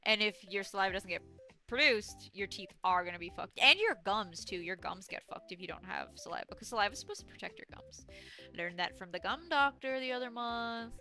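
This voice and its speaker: A woman's voice: mid-range voice, lively intonation, fairly quick, bright, forceful tone, soft background music. A young woman livestreaming as she plays a game, rambling through stories and chat with plenty of swearing, her throat dry and a little sore. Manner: rambling, chatty storytelling with frequent swearing. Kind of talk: casual chat while gaming.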